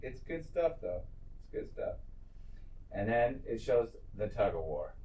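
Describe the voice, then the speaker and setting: A man's voice: lowish voice, sing-song, a little slow, dark tone, recorded from a distance, lo-fi sound. A man co-hosting a casual recap podcast, retelling scenes with quoted lines and swearing. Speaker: podcast co-host. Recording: echoey room, away from mic.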